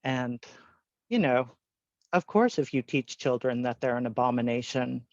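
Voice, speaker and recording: A man's voice: medium pitch, normal speed, no room sound, lo-fi sound. A man hosting a panel discussion, speaking earnestly and laughing often over a video call. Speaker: host.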